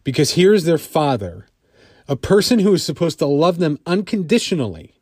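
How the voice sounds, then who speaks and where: A man's voice: fairly high pitch, very animated, normal speed, a little mellow, husky, dry recording. Guy telling a personal story, chatty with lots of fillers, dry close sound. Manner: conversational, many fillers.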